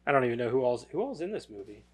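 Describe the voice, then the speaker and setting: A man's voice: mid-range voice, husky. A man hosting a podcast in casual chat, joking and laughing easily. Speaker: podcast host.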